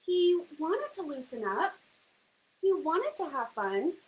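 Lively high-voiced woman reading to kids. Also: slow, slight background noise, rough recording. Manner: animated, teacherly, asks children questions. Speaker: storyteller reading to children. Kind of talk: children's story time reading.

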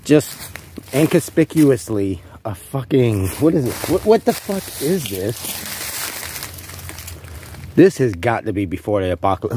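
A man's voice: medium pitch, sing-song, a little slow, pauses often, warm tone, a little hiss or hum. A man vlogging an in-character rant, rambling, profane and taunting an unseen rival.

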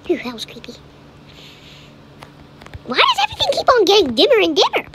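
A young woman talks her way through a creepy game with a high, wildly swooping voice. She chatters, yelps and laughs at every scare. Noise hisses under the recording. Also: huge pitch swings, a little fast. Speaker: gaming channel host. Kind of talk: live gameplay commentary.

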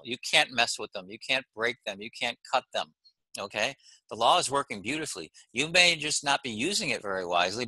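A man's voice: mid-range voice, pushed and bright, dry recording, rough recording. A man lecturing to camera as a golf mental-game coach, emphatic and friendly, hammering points home in short repeated phrases and often checking in with "okay?". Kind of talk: recorded course lecture to camera.

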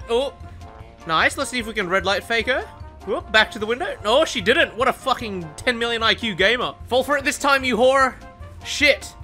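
Excitable trash-talking gaming man. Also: sits high. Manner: playful trash talk, frequent swearing and laughter. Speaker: gaming streamer. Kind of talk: gameplay commentary.

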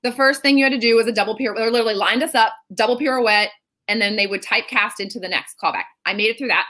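A woman, a Broadway performer, telling stories in a casual video interview, chatty and animated with many fillers. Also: fairly high pitch, fast talker.

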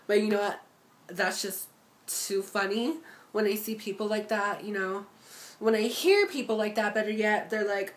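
A woman's voice: mid-range voice, normal speed. A young adult woman ranting to the camera in a casual vlog, sassy and profane, talking straight to her viewers and mocking other people's voices. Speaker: vlogger.

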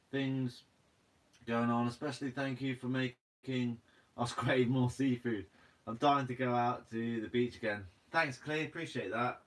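Young Guernsey man chatting on a stream. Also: medium pitch. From Guernsey, Channel Islands. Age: 20s. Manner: casual, chatty, reads viewer comments aloud. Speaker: fishing channel host. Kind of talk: live stream Q&A reading chat.

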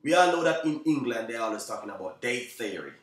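A man with a Jamaican accent, a chef hosting a live cooking stream, chatting to viewers in quick, repetitive talk and often saying "you know what I mean". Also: medium pitch, animated, reverberant, distant mic. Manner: talks fast, by his own account.

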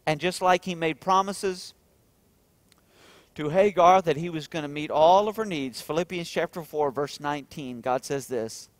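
A male pastor delivers a heartfelt sermon in a voice pitched a little above most men's. He swings from earnest, emphatic climbs to hushed, tender lines. The sound is dry and close, with no room around it. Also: moderate pace, no room sound. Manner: earnest, rising to emphatic peaks then dropping soft and tender. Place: church.

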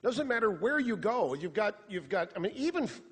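A man giving a live political monologue on a theater stage, animated, sarcastic and rhetorical. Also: sits high, brisk, breathy edge. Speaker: radio talk show host on stage. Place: theater stage before an audience. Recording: long reverb of a theater hall.

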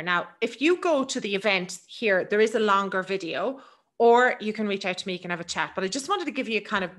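A middle-aged woman with an Irish accent giving a quick, chatty business webinar presentation. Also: medium pitch, pushed and bright. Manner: fast, chatty, laughs easily.

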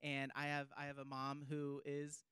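A man from Ohio talks on a panel in a measured, reflective way, sometimes pausing to find his words. His voice is smooth and resonant at a middle pitch. The recording is dry and close. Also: monotone, bright, forceful tone, no echo. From Worthington, Ohio. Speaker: journalist on a panel. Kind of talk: panel discussion.

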